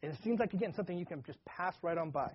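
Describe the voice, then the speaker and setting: A man gives a relaxed Bible teaching, talking to his listeners like friends and acting out the story's dialogue with energy. His voice sits a little high and has a husky edge. The recording sounds dull and lo-fi. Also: very fast. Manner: conversational, acts out dialogue animatedly. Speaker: pastor.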